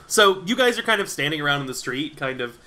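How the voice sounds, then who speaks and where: A man's voice: on the high side, very animated, a little fast, pushed and bright. A man running a tabletop game as game master, narrating loosely, with fillers and frequent laughter. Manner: laughs often, rambling with fillers.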